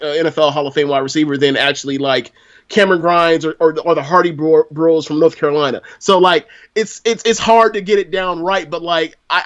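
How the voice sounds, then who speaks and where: A man's voice: on the high side, fairly bright tone. A man from Florida, a podcast guest, chatting casually and talking around his points with lots of fillers. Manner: talkative, full of fillers. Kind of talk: casual wrestling review chat.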